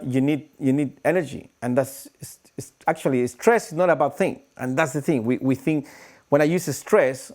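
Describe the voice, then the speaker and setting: Animated man teaching breathwork, fairly high voice. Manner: animated, demonstrates breaths with audible sighs. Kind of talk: live-streamed breathing lesson.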